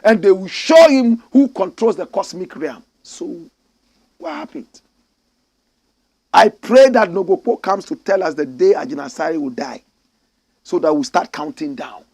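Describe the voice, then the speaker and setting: A man's voice: high voice, animated, measured pace, a little mellow, no echo. A man with a Ghanaian accent giving opinionated, sarcastic news commentary, reading stories aloud and jabbing at their subjects.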